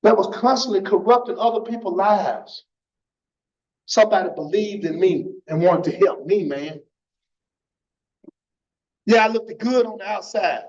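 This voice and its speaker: Man, high voice, preaching his testimony with fervor, keeps saying "man"; muffled church stream audio. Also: a little slow, long pauses, a little mellow. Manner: fervent, repeats phrases, tags lines with "man".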